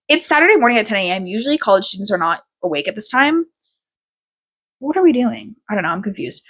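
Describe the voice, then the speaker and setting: A woman's voice: a little high, big pitch swings, fast, husky. A young adult woman hosting a podcast in casual chat, rambling and swearing freely. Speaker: podcast host.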